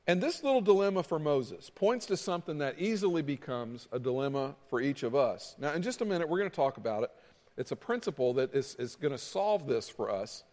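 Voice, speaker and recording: A male pastor preaching a sermon as relaxed, lively storytelling with acted asides. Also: a little high, a little fast, in a large hall.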